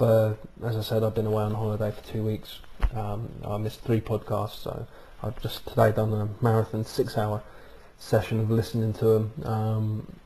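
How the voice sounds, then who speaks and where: Male vlog host, low and steady monotone, rambling, casual, webcam-miked. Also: slight background noise. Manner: rambling, many ums and uhs. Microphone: webcam microphone.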